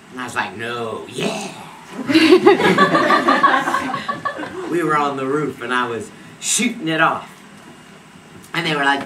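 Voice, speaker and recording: An actress playing a streetwise young woman in a stage monologue, animated and laughing as she acts out the people in her story. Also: on the low side, recorded from a distance. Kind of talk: stage monologue based on an interview. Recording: echoey stage recorded from afar, steady noise.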